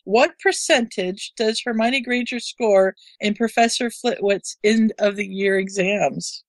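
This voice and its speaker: A woman's voice: mid-range voice, unhurried, no echo. A woman hosting trivia on a podcast, reading questions and multiple-choice answers. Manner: reads quiz questions with multiple-choice options, laughing often. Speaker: trivia quizmaster. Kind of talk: casual podcast chat.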